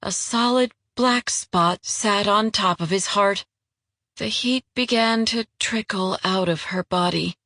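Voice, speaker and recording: A woman reads an audiobook aloud in a measured, even storytelling style, her voice sitting at a medium pitch. This is scripted narration, captured with studio quality and no room sound.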